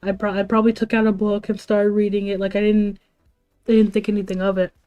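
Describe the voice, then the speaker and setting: A woman's voice: mid-range voice, level tone, quick pace, mellow, clear, resonant tone, soft background music. A young woman livestreaming, rambling through school stories with laughs and lots of "like" and "bro". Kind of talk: casual storytelling to a live chat.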